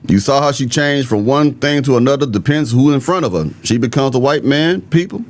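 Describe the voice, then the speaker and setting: Here a mid-range voice talks fairly quickly: a Southern United States man with a mild accent hosting an opinionated political commentary. He speaks straight to his viewers, blunt and emphatic.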